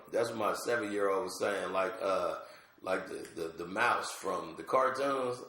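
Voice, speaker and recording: Gravelly low-voiced man telling a story. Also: unhurried, echoey room. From Georgia, USA. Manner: animated, acts out voices with big pitch jumps. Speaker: comedian guest. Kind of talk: casual storytelling.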